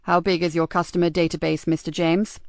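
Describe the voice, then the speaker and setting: A woman doing a quiet, probing male sergeant. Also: on the low side, level tone, brisk, dry recording, studio quality, close to an everyday voice.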